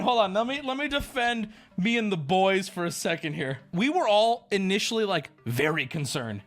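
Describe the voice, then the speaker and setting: An animated man tells a story casually on stream. His pitch leaps all over as he exclaims and swears. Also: moderate pace, hardly any pauses, soft background music.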